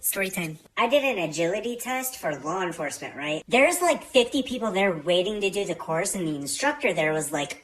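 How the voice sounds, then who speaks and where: A woman's voice: fairly low pitch, animated, brisk, few pauses, low-quality recording. A woman telling a casual storytime to her phone, blunt and laid-back and swearing freely. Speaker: storyteller recounting a fitness test.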